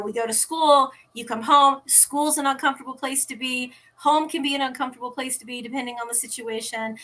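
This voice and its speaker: Guesting on a relaxed interview from home, a woman who organizes a teen podcast tells stories in a bright, slightly high voice. She's animated and energetic, acting out the dialogue of the people she quotes.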